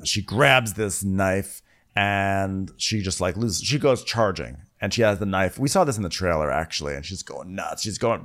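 A man co-hosting a comedy podcast, retelling a TV episode in casual chat and quoting characters with mock drama. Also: low-pitched. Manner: animated storyteller, mock-dramatic character quotes. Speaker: podcast co-host recapping a TV episode.

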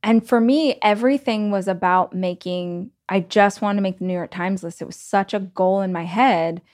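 A Southern American woman hosts her podcast in a loose, chatty monologue. She tells her story casually, filling her sentences with "like" and "you know." Her voice sits at a middle pitch. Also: normal speed. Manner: chatty, animated, many "like"s and laughs. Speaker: podcast host and author.

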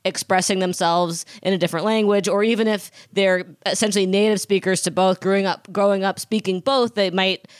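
A woman in her thirties gossips with her co-hosts in an easygoing, chatty way. She tells stories with energy and slips into the voices of the people she quotes. Her voice is mid-pitched and sounds close and dry. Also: a little fast, hardly any pauses, clear, resonant tone, no room sound. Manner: animated storyteller, acts out quoted voices. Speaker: podcast co-host. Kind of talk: casual gossip chat.

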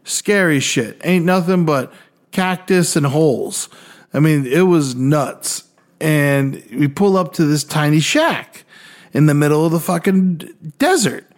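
A young man co-hosting a podcast, telling stories casually in an animated, profane way and acting out other people's voices. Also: on the high side, measured pace. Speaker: podcast co-host. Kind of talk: casual storytelling.

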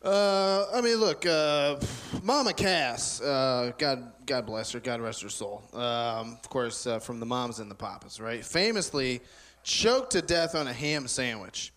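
A man's voice: medium pitch, lively intonation, a little slow, a bit bright. Man ranting in a mock debate. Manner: bombastic, ranting, mock-serious. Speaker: debater in a comedy show.

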